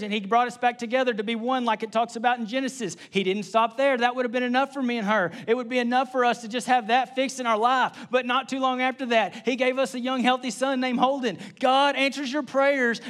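A young adult man preaching a sermon in a casual, conversational way, repeating key phrases and adding quick asides. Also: very high-pitched, fairly bright tone. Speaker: pastor.

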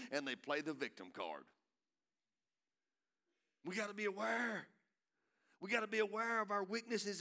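A man preaching to his congregation in a church, his voice bright and ringing and pitched a little high. He drops to a hushed, tender tone, then climbs back up to loud urging. He keeps calling out to the room with repeated phrases. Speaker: pastor. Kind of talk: sermon. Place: church sanctuary.

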